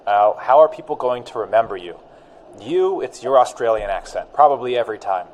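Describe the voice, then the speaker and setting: A man's voice: mid-range voice, lively intonation, a little fast, a little mellow. Male podcast host, casual chat, easygoing, faint background hum.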